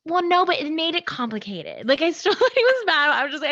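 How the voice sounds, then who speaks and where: A young woman from Birmingham co-hosting a podcast, talking in an animated, rambling way and laughing often. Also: high voice, quick pace, few pauses, dry recording, dull audio. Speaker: podcast co-host. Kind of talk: casual chat.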